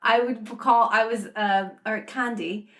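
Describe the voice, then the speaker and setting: A woman co-hosting a podcast, telling a story in an animated way, laughing and swearing. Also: on the high side, a little slow. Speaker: podcast co-host. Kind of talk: casual storytelling chat.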